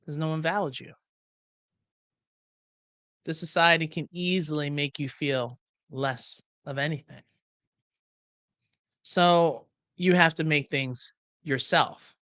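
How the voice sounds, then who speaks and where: A woman's voice: low-pitched, slow, long pauses, a bit bright, no echo. A woman in her fifties hosting a motivational live stream, emphatic and preachy, laughing often. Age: 50s. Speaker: podcast host and math tutor.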